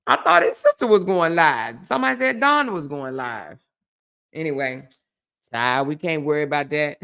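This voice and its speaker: A woman's voice: low voice, sing-song, normal speed, a bit bright, clean tone. A woman hosting a casual live stream, chatty and laughing often as she thanks viewers by name.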